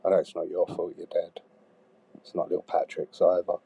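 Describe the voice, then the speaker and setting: A man doing comic voicemail monologues. He swears a lot and swings from shouting to hushed sighs. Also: low-pitched, completely flat delivery, moderate pace, vocal fry, slightly rough, lo-fi sound. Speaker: comedy podcaster.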